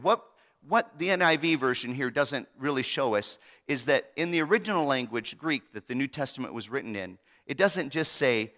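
A man in his fifties preaching a sermon, swinging dramatically between loud emphasis and hushed asides. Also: medium pitch, animated, moderate pace. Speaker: pastor. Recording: long hall reverb.

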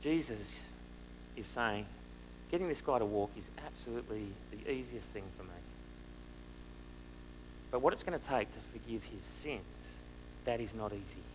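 A man preaching a sermon, asking the listeners rhetorical questions and moving between loud and hushed delivery. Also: lowish voice, normal speed, pauses often, noisy background.

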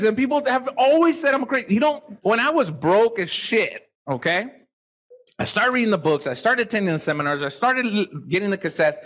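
A male motivational speaker addressing a live crowd, his voice riding high and swooping with lively pitch. He talks loose and profane, switching into the voices of people he quotes. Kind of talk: live motivational talk to an audience.

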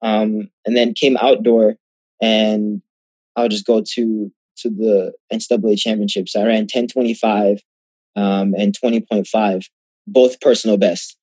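A man's voice: on the low side, unhurried, husky, dry recording. A young man, a guest athlete, tells his story in a casual interview, acting out the exchanges he quotes. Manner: animated, acts out quoted exchanges.

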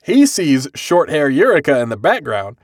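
This podcast host, a bald-headed joker who swears freely, recaps an anime casually and acts out the characters' dialogue. His voice is on the high side with wildly swooping pitch at normal speed, recorded in studio quality without echo.

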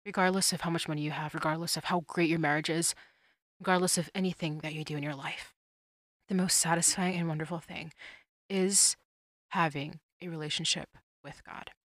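Young female podcast host, earnest and chatty, lowish pitch, dry close mic. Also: steady tone, a little fast, fairly bright tone, no room sound. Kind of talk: solo faith podcast monologue.

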